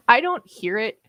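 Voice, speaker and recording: A woman's voice: fairly high pitch, fairly bright tone, no room sound, low-quality recording. A woman in her fifties with a Minnesota accent, chatting casually and laughing often while hosting writing sprints. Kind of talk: casual livestream chat.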